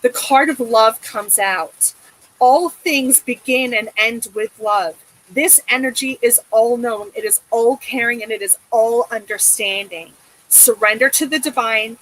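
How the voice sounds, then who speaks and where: A woman's voice: on the high side, a bit bright, rough recording. A woman giving a tarot reading in a casual, emotive way, swearing often and checking in with a soothing "okay?". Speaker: tarot reader.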